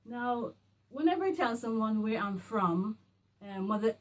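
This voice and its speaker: A woman from the Caribbean talking casually to camera in a vlog, working through a numbered list in an animated, emphatic way. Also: on the high side, unhurried. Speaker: vlogger. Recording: a bit distant from the mic, faint music.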